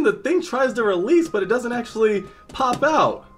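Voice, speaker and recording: A man's voice: extremely high pitch, expressive, moderate pace, fairly bright tone, faint music behind. A man talking through a toy unboxing to viewers, exasperated and jumpy, breaking into laughter. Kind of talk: casual unboxing commentary.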